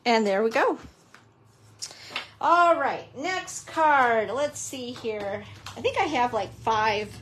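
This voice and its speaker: A woman's voice: fairly high pitch, lively intonation, takes it slowly, a bit bright, slight background noise. A woman papercrafting instructor chatting through a casual live-stream craft demo, playful and self-mocking with joking asides.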